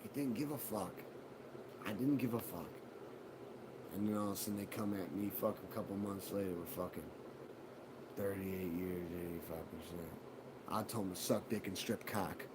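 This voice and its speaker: A man hosting a live show, telling a personal story in a profane, animated way and acting out what others said. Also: low-pitched, normal speed, pauses often, noisy background. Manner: profane, animated retelling with acted quotes. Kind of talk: casual storytelling.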